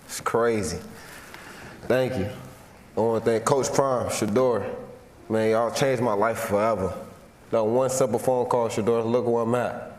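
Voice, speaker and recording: A man in his twenties from Florida, giving an award acceptance speech from a stage in a large hall, heartfelt and halting, repeating himself as he holds back emotion. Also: lowish voice, steady tone, darkish tone. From Florida, USA. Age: 20s. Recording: echoey hall with long reverb and faint noise.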